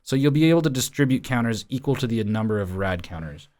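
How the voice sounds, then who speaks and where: A man hosting a casual podcast chat, reading card text aloud with halting fillers. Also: mid-range voice, expressive, a little mellow. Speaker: podcast host.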